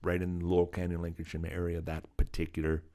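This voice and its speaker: A man's voice: low-pitched, quick pace. A middle-aged man from Southern California, a special effects artist, telling stories as an interview guest and acting out the people in them. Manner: animated storyteller, acts out voices, laughs often. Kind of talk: casual storytelling interview.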